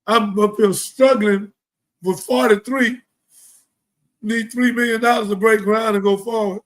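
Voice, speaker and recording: A middle-aged man hosting a live show, delivering a preachy, impassioned monologue full of scripture and rhetorical questions, swinging from loud outbursts to low mutters. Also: fairly even intonation, measured pace, poor audio. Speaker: host of a live talk show.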